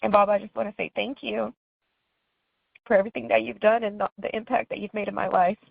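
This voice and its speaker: A woman's voice: medium pitch, level tone, fairly quick, creaky, husky, no echo. A woman caller leaving an emotional, rambling voicemail tribute, close to tears. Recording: tinny dry phone line.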